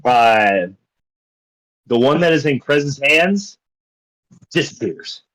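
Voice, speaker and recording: A man's voice: mid-range voice, lively intonation, slow, fairly bright tone, poor audio. A man running a tabletop game as dungeon master, easygoing and full of fillers.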